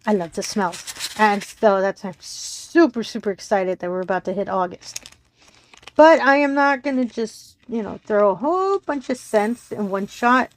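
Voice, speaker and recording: A woman's voice: mid-range voice, expressive, moderate pace, slight background noise. A woman from Texas, chatting casually to her viewers at home in a bubbly, giggly, apologetic, rambling way. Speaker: crafting channel host.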